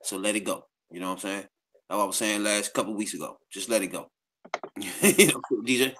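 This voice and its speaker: A man's voice: fairly low pitch, fairly quick, a bit bright, a little hiss or hum. A man co-hosting a podcast in a casual chat, talking in a loose, slangy way with lots of repeated filler phrases. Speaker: podcast co-host.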